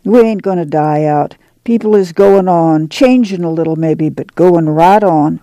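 This is a steady, soothing farm mother with a folksy rural way of talking, read by a man. The voice is fairly high for a man and warm and mellow. The sound is dry and close. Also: measured pace, no echo. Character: weary, steady mother of a poor farm family.

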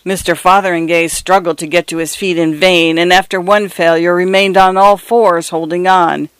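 Man, storybook narrator, high voice, dry close sound, measured descriptive reading. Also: level tone, fairly bright tone, clear, resonant tone, dry recording.

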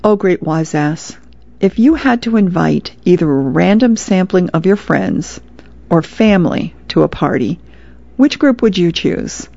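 A woman's voice: fairly low pitch, lively intonation, measured pace, creaky, mellow, dry recording. A woman voicing an earnest cartoon pig who asks a formal question. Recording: dull lo-fi radio sound.

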